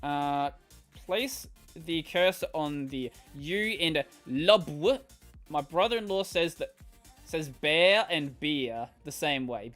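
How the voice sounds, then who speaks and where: A man's voice: a little high, animated, slow pace, a bit bright, faint music behind. A man with an Australian accent and a slightly nasal voice, chatting casually on a live stream as he answers viewer questions, rambling with lots of fillers and restarts. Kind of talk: casual chat while reading viewer questions.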